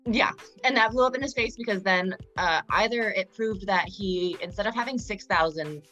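A woman's voice: medium pitch, moderate pace, sharp tone, soft background music. A young woman co-hosting a podcast in casual, rambling chat, full of fillers and crude jokes. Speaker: podcast co-host.

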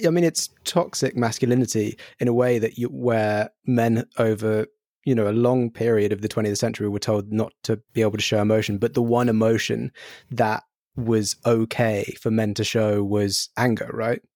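A man hosting a casual podcast interview, speaking slowly and thoughtfully, with hesitant phrasing. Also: on the low side, flat delivery, a little mellow, dry recording, clean studio sound. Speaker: podcast host.

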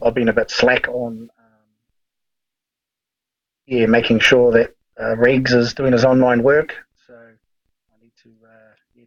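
A man's voice: mid-range voice, dry recording, muffled recording. A man, a podcast guest telling long, rambling stories in casual chat, swearing freely and full of fillers.

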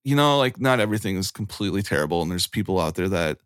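Low-voiced earnest man in his forties. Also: animated, racing, fairly bright tone, no echo, clean studio sound. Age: 40s. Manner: rambling, earnest, heavy on "like" fillers. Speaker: guest. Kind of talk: casual chat.

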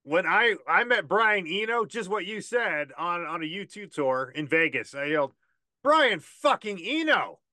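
Bright, high-voiced man telling excited stories. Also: moderate pace, hardly any pauses, no echo. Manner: excited anecdotes, many restarts. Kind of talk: casual chat.

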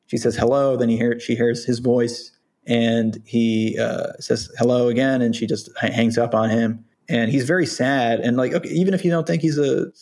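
A man's voice: mid-range voice, fairly even intonation, moderate pace, darkish tone. A man hosting a podcast, explaining his opinions casually and thinking aloud. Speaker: podcast host.

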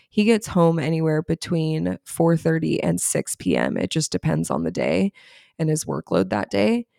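A woman in her thirties with a gravelly, lowish voice, co-hosting a podcast in an easygoing, animated way. She tells stories in a chatty manner. The sound is dry and close to the mic. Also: no room sound. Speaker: podcast co-host; parent of a child with diabetes. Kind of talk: casual chat.

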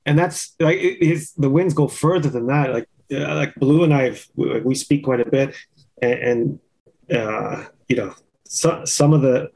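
A man's voice: mid-range voice, a little slow, creaky, darkish tone, low-quality recording. A man chatting casually as a podcast host, loose and teasing, drawing out his words. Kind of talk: casual chat.

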